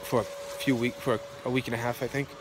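Talking fast in a level, medium-pitched voice, a young vlogger shivers outside in the cold and rants heatedly to his phone camera, swearing as he rambles. Traffic noise fills the outdoor recording.

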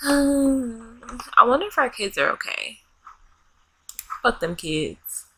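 A woman's voice: fairly high pitch, animated, slow, a bit bright, slightly rough, low-quality recording. A young woman giving casual, playful let's-play commentary, laughing often and talking back to the game characters in slang. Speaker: gaming YouTuber.

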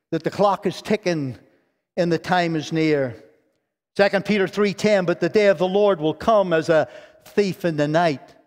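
A male pastor preaching a fervent sermon in a church, swinging from loud high exhortation down to quiet low tones. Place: church sanctuary. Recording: long church reverb.

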